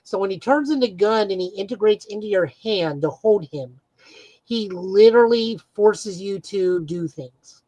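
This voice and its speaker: A woman's voice: mid-range voice, a little mellow, no echo, poor audio. A woman co-hosting a podcast, eagerly recapping comic book plots in a casual chat with frequent "uh"s. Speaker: podcast co-host.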